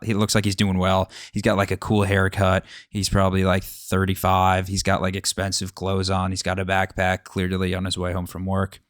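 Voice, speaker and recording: A man's voice: lowish voice, no echo. Dry, rambling young man telling stories. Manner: rambling, asks the listener rhetorical questions. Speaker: podcast host. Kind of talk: casual storytelling monologue.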